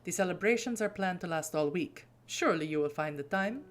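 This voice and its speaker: A woman's voice: fairly low pitch, expressive, brisk, soft background music, close to an everyday voice. A woman voicing a composed, stern male vampire sheriff who speaks in a cold, formal, clipped way. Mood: polite.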